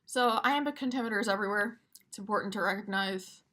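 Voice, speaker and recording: A woman's voice: mid-range voice, quick pace, pushed and bright. A woman teaching poetry for exam review, casual and emphatic, tapping out rhythms aloud.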